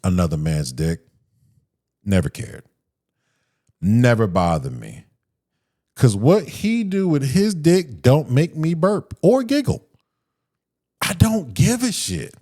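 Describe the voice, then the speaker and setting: A man's voice: mid-range voice, takes it slowly, long pauses. A man riffs alone on his podcast, worked up and profane, and he often drops into mocking impressions of other people. His voice swings widely up and down as he hammers his points home. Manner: animated, profane, ranting with mocking quoted voices. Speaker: podcast host. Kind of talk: solo podcast rant.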